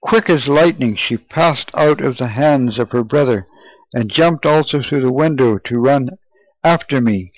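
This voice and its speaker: A man reading an old first-person memoir aloud in a measured, solemn way. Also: medium pitch, no room sound, low-quality recording. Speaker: reader. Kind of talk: audiobook narration.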